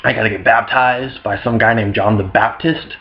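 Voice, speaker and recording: A man's voice: fairly low pitch, fairly even intonation, normal speed, dull audio, slight background noise, natural voice. A man voicing Jesus as a laid-back, slangy young guy who talks back to his mother. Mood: protesting. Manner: casual bro slang, defensive.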